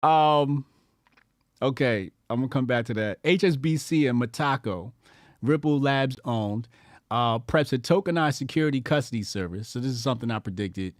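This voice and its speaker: A man's voice: mid-range voice, normal speed, no room sound, clean studio sound. Sarcastic man hosting commentary. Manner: sarcastic, mocking asides. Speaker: host. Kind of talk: commentary on news clips.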